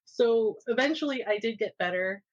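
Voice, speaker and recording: A woman's voice: fairly high pitch, normal speed, muffled recording. A woman guest on a podcast, telling personal anecdotes in a casual way and laughing often as she talks. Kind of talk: casual storytelling.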